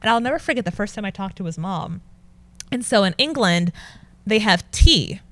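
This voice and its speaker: A young adult woman, a news anchor, chatting as a guest and telling animated stories with frequent laughter. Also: medium pitch, normal speed, no echo. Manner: animated storyteller, laughs often. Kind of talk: casual interview chat.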